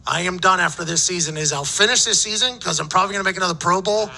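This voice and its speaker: High-pitched guy spinning a yarn, cussing and laughing, super bright sharp voice. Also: rapid-fire, vocal fry, poor audio. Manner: profane, laughing, animated retelling. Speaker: former football punter, podcast guest. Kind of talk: casual storytelling.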